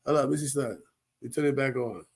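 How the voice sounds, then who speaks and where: A man's voice: mid-range voice, racing, slight background noise. A man giving casual, slangy commentary as a show host, often laughing and asking "you know what I mean". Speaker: show host reacting to viral clips.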